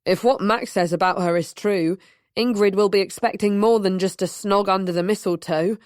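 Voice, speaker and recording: A woman's voice: mid-range voice, moderate pace, a little mellow, no echo, clean studio sound, close to an everyday voice. A woman doing a coaxing, confident young man.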